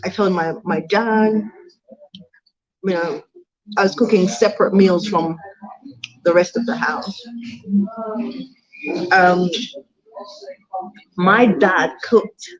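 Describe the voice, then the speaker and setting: A woman's voice: on the low side, slow, pauses often. A woman in her thirties, born in Jamaica and raised in the UK, chatting casually to viewers on a live Q&A stream, laughing often and eating as she talks. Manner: chatty, laughs often, eats while talking. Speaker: vlogger hosting a live Q&A. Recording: dull lo-fi stream audio with crowd noise.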